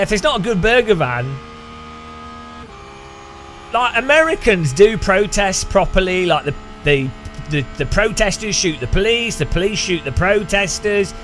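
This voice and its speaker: A man's voice: high voice, a bit bright. A man streaming a sim racing session, chatting in a rambling, jokey way and often breaking into laughter. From United Kingdom. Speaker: gaming streamer. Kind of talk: casual chat while sim racing.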